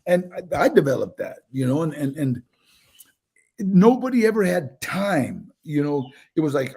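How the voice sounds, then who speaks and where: Older guy rambling thru stories, acts out the quotes, high-ish gravelly voice. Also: normal speed. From United States. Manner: animated storyteller with many restarts, acting out quoted voices. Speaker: interviewee. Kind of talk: casual interview storytelling.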